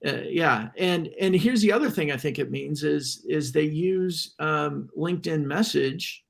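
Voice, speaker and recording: A man's voice: a little high, a little slow, gravelly. A man on a casual panel discussion, reflective and questioning as he thinks aloud.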